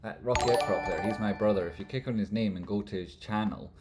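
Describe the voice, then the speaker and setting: A man hosting a live stream, answering chat questions in rambling talk that trails off into mumbles and jumps to loud jokey bursts. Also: lowish voice, fast, over loud music. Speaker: livestream host answering chat. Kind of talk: casual live chat, stock chart commentary.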